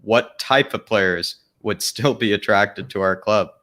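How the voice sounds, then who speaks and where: A man with a lowish, bright, forward voice hosting a casual podcast. He sets up questions steadily and methodically. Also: unhurried. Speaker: show host asking questions.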